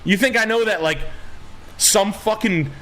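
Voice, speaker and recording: A man's voice: high-pitched, unhurried, fairly bright tone. A man hosting a stream, talking in a rambling, profane and impassioned way. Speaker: streamer host. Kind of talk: rambling casual stream talk.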